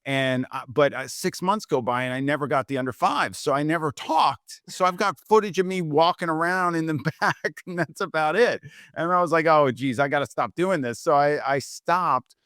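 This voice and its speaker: Animated storytelling man, dry close mic. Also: fairly high pitch, moderate pace, no room sound. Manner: animated storyteller who acts out quotes with lots of "like". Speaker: guest photographer. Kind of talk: casual storytelling interview.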